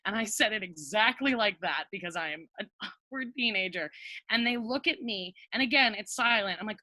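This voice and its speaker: A young woman telling a comic personal story on a video call, animated and self-mocking, acting out what people said. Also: on the high side, normal speed, dry recording. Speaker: storyteller, guest.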